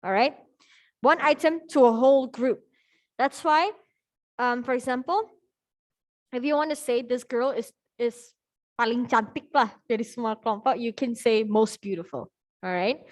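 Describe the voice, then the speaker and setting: A woman's voice: on the high side, normal speed, long pauses. A woman teaching an English grammar lesson over a video call, upbeat, checking in with the class often. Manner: upbeat, checks in often with "okay?" and "all right?".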